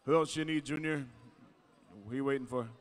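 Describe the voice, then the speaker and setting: Man, arena announcer, smooth resonant voice, joking, easygoing, PA microphone. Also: mid-range voice, steady tone, brisk. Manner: joking, easygoing, calls out names. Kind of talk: live event announcing.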